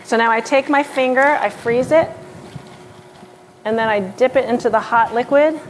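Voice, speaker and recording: A woman's voice: a little high, normal speed, a little hiss or hum. A woman giving a live cooking demonstration as a lecturer in a hall, explaining each step in a chatty way with fillers. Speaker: pastry chef lecturer.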